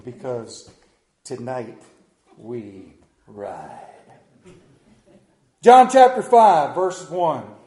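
A man's voice: fairly high pitch, warm tone. A man pastor preaching a Sunday sermon, telling a story in a folksy way and reading scripture aloud. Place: church sanctuary. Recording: roomy church echo.

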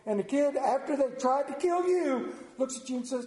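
A middle-aged man preaching a sermon to his congregation, telling stories in an animated way and putting questions to the room. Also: very high voice, normal speed. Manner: animated storytelling, acts out voices, asks the congregation questions. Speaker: pastor. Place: church. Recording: echoey church room.

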